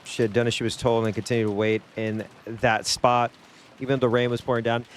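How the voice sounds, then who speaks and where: A man's voice: medium pitch, little pitch movement, a little fast, a little hiss or hum. A male streamer playing a game live, reading the narration aloud and reacting with exasperated swearing.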